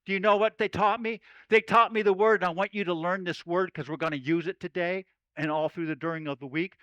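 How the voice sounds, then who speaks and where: A man's voice: sits high, fairly even intonation, a little fast, bright, forceful tone, dry recording, highs cut off. A man speaking as a folksy cowboy storyteller, giving a playful chapel talk to children at camp. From Oregon.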